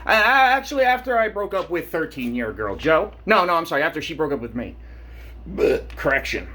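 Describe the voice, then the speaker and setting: Man, late 30s, vlogger: husky, slightly high voice, rambling and profane. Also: quick pace. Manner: profane, animated, worked up. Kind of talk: rambling casual monologue. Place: home shower.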